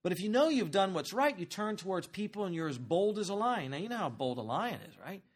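Talking fast in a high voice, a man delivers a sermon as pastor, animated and conversational as he poses questions to his congregation.

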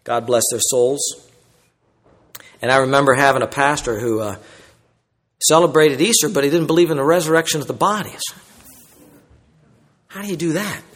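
A man preaching an emphatic sermon as a pastor, swinging between loud declarations and quiet asides. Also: mid-range voice, steady tone, fairly quick, long pauses. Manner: emphatic preaching, rising and dropping in loudness. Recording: long reverb in a large hall.

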